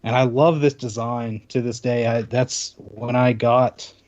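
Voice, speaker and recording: A man's voice: mid-range voice, steady tone, unhurried, a little mellow, muffled recording, slight background noise. A man co-hosting a podcast in casual chat, rambling with many restarts. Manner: rambling, full of restarts while showing off a console. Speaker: podcast co-host.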